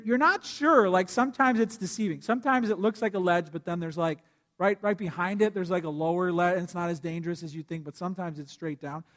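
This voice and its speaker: Animated high-voiced man preaching. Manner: animated storytelling with acted-out quotes. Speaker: pastor. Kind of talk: sermon.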